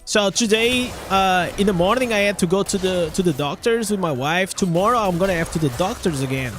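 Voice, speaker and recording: A man's voice: high voice, fairly bright tone, a little hiss or hum. A young man with a Portuguese accent chatting casually on a live stream, often restarting his words and swearing now and then.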